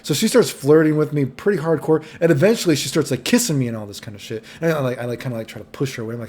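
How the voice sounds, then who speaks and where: A man's voice: medium pitch, very fast, few pauses, darkish tone. Young guy, vlog storyteller, loose and foul-mouthed, chatty tags. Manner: casual, profane, rambling with "right?" tags. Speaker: vlogger. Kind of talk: storytime monologue.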